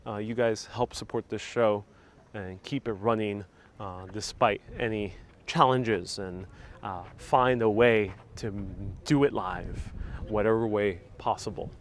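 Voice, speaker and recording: A man's voice: fairly low pitch, steady tone, unhurried, slight background noise. A Spanish-speaking man hosting a live tour stream outdoors, chatting casually, laughing often and reading viewer comments aloud. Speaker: travel vlogger, live-stream host. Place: outdoors at a hilltop historic site. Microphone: phone on a gimbal with a wireless mic.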